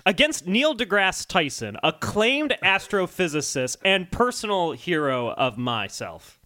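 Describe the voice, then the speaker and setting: Lively bright-voiced male podcast host. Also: sits high, measured pace. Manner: joking, animated, laughs often. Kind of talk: casual comedic chat.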